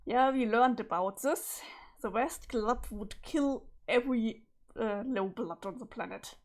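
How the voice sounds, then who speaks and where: A woman's voice: a little high, a little slow. A woman, a streamer reading a web comic aloud and chatting, sometimes searching for words. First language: German. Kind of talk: casual read-along commentary.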